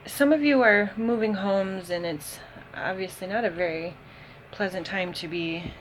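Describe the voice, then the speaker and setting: Slow-talking woman reading tarot. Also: mid-range voice, slight background noise, low-quality recording. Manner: unhurried, thinking aloud with many ums. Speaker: tarot reader. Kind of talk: casual tarot reading to camera.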